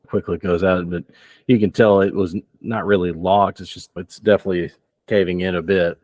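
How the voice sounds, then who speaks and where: A man narrating a tabletop role-playing game as game master, relaxed and chuckling as he describes scenes. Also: sits low, fairly quick, dry recording.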